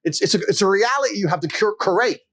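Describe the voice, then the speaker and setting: A man's voice: sits high, expressive, fast, a bit bright. A man in a podcast chat, telling boastful stories in a brash, profane way and laughing often. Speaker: podcast guest. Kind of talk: casual storytelling chat.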